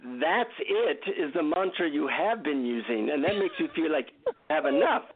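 A man voicing an elderly male Indian guru with an Indian accent, speaking slowly and solemnly over a tinny phone line. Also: fairly high pitch, sing-song, gravelly. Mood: instructive.

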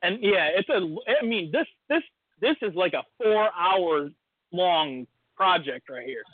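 High-voiced man on a tinny line. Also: expressive, a little slow, no echo. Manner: rambling storyteller, acts out quoted voices. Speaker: podcast co-host. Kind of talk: casual chat. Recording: tinny phone-like line, dry.

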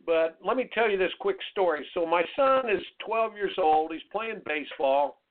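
A man's voice: high-pitched, lively intonation, moderate pace. A man hosting a radio talk show, telling stories in an emphatic, folksy, motivational way. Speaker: radio show host and tennis coach. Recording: narrow phone-like radio sound.

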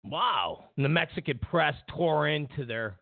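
A man's voice: on the high side, expressive, a little slow, gravelly, dry recording. A man hosting a political commentary show, rambling with many fillers and restarts and mimicking others mockingly. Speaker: show host. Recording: dry tinny phone-like sound.

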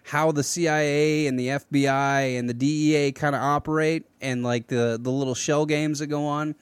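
A man hosting a casual political podcast, talking in an animated, rambling way with many restarts. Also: on the high side, moderate pace, clean tone, no room sound. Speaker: podcast host.

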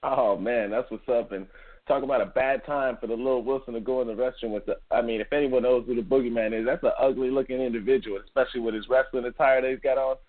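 A man's voice: mid-range voice, fairly even intonation, fast talker. A man hosting a casual boxing podcast, chatting upbeat with his co-host. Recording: tinny phone-like line.

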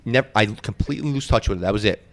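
A man in his thirties hosting a podcast, telling stories in an animated, profane way and acting out the quotes in casual chat. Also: fairly low pitch, rapid-fire. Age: 30s. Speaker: podcast host.

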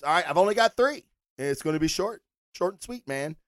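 A man's voice: on the high side, a little fast, slight background noise. Rambling, foul-mouthed man reviewing comics. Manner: rambling, swears a lot, animated. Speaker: podcast host, comic reviewer. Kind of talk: casual solo review rant.

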